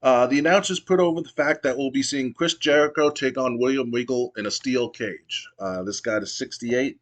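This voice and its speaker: A man's voice: medium pitch, normal speed. A man casually narrating a wrestling sim playthrough with many fillers and restarts. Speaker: gamer playing a wrestling sim. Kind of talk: casual let's-play narration.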